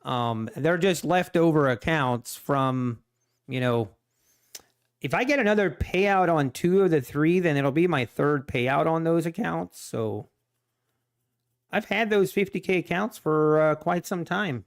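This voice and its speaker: A man chatting casually on a live stream about his trading, relaxed and rambling, often poking fun at himself. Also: on the high side, a little slow, clear, resonant tone. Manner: relaxed, rambling, self-deprecating, chuckles often. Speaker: livestream day trader.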